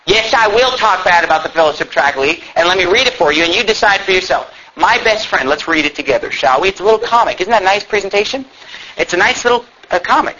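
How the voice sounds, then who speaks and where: A man delivers a fiery sermon from the pulpit, emphatic and sarcastic. His voice sits high and swings widely, with a bright, forceful edge. The recording is a little dull, with a faint steady hum behind him. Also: fast talker. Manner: emphatic, sarcastic, reads tract dialogue aloud in voices. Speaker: pastor. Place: church.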